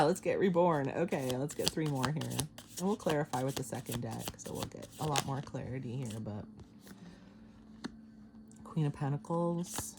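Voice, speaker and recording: Very low-voiced, lively woman tarot reader. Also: background noise. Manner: chatty and excitable, laughs often and swears casually. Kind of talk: casual tarot reading to camera.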